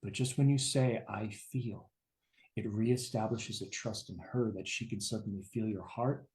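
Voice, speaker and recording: A man's voice: on the low side, moderate pace, darkish tone. A man teaching about relationships in an earnest, emphatic way, sharing his own story and swearing casually. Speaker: relationship coach. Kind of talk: personal teaching talk.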